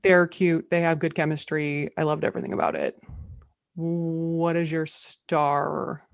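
A woman's voice: deep voice, little pitch movement, unhurried, creaky, dry recording, clean studio sound. A woman co-hosting a podcast, chatting casually about TV shows with lots of "like" fillers. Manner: bubbly, many "like" fillers. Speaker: podcast co-host. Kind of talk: casual review chat.

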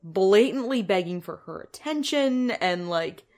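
A woman's voice: medium pitch, lively intonation, measured pace, darkish tone. A woman hosting a podcast in casual chat, explaining details and adding dry asides. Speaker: podcast host.

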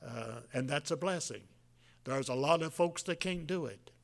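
Man, 70s, pastor, folksy halting sermon, fairly high voice. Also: gravelly. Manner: folksy, halting, with many restarts and fillers.

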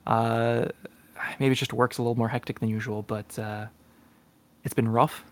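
A man's voice: medium pitch, flat delivery, moderate pace. A man co-hosting a casual podcast chat, hesitant with lots of fillers, often laughing. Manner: hesitant, many ums and uhs, laughs often. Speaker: podcast co-host and player.

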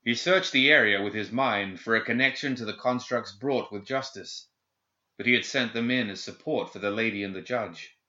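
A man narrating an audiobook in a steady, measured reading. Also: on the low side. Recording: dull lo-fi recording.

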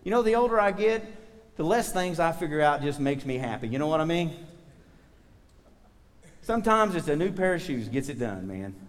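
A man's voice: fairly high pitch, sing-song, normal speed, pauses often, long reverb tail. A man preaching a sermon as pastor, talking casually with the congregation and asking them for amens.

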